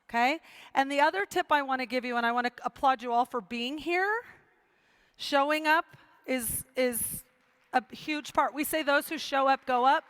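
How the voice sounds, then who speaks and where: A woman's voice: high-pitched, a bit bright, dry recording. A middle-aged woman giving a motivational speech to a live audience, telling her story with quoted dialogue and emphatic repetition. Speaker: motivational speaker.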